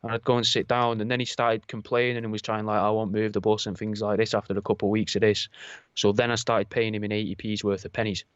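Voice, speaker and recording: A man's voice: on the low side, little pitch movement, fast, no room sound, highs cut off. A young adult man, a podcast co-host animatedly telling a story with plenty of swearing. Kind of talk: casual chat.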